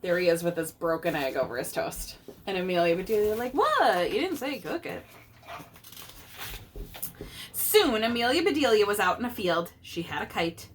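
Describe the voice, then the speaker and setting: A woman reading a picture book aloud to her child, pausing to explain idioms and acting out the characters. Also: fairly low pitch, expressive, a little hiss or hum.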